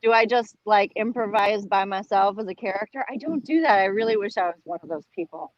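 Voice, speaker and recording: A woman's voice: medium pitch, brisk, no room sound. Chatty woman on a dull line. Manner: chatty, laughs often, many fillers. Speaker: guest, comedian and actor. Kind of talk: casual chat over a video call.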